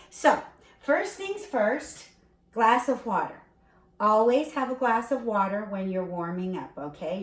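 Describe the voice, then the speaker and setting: A woman teaching a beginner singing lesson, explaining and demonstrating warm-ups, checking in with a frequent "okay?". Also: mid-range voice. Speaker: vocal coach. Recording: echoey room.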